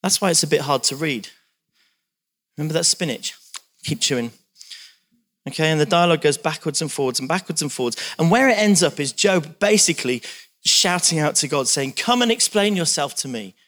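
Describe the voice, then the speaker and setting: A man's voice: a little high, a little fast, pauses often, a bit bright. A man preaching a sermon, reading scripture aloud with dramatic emphasis and talking to the congregation.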